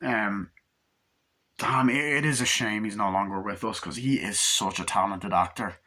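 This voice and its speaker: A man's voice: on the low side, normal speed, bright, forceful tone. A man giving a casual, rambling film review, full of fillers and swearing. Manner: rambling, swears often, lots of "like" and "um". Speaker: movie reviewer.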